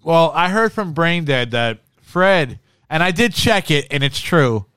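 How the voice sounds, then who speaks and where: A man's voice: fairly high pitch, lively intonation, measured pace, fairly bright tone, clear, resonant tone, no echo, studio quality. A man co-hosting a podcast in casual, profane chat, saying bro a lot. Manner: swears constantly, says bro a lot. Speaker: podcast co-host.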